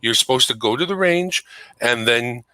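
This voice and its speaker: A man's voice: mid-range voice, lively intonation, moderate pace, sharp tone, no room sound, low-quality recording. A man chatting casually from his home computer setup, explaining things at length. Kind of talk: casual chat.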